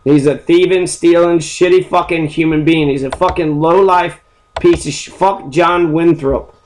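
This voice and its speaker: A man with a somewhat high-pitched voice, ranting in a fury. He swears constantly and rambles from one tangent to the next as he talks through history. It sounds like a loose, unscripted solo rant. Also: fairly even intonation, a little slow, darkish tone. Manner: angry, heavily swearing, rambling. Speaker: history channel host.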